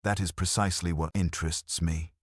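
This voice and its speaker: A man with a low, steady-toned voice, speaking a little fast in a studio-quality recording with no room sound, plays an elderly woman sleuth. She is gentle, shrewd, and unruffled, talking in a light, pleasant, conversational way that is also probing.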